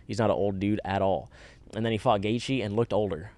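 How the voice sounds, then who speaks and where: A young adult man with a very deep voice talks as a guest in a casual interview. He is a professional fighter, and he rambles loosely with constant filler words. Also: fairly even intonation, brisk, a little mellow, no echo.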